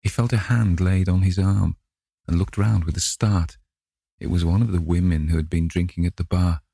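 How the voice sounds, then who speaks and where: Deep, gravelly male narrator. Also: steady tone, moderate pace, warm tone, no room sound, clean studio sound. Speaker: audiobook narrator. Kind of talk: scripted narration of a classic novel.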